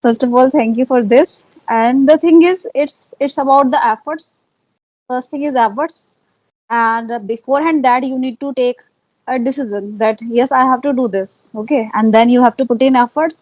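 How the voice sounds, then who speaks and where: A woman's voice: high-pitched, normal speed, a little mellow, dry recording, poor audio. Earnest Indian-accented woman, dry sound. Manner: earnest, repeats herself, many fillers. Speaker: interviewee, English learner. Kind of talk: casual conversation.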